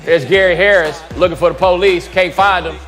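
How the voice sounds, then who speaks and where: A man co-hosting a comedic sports talk show, playful and slangy, with animated delivery. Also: high-pitched, fairly quick, music in the background.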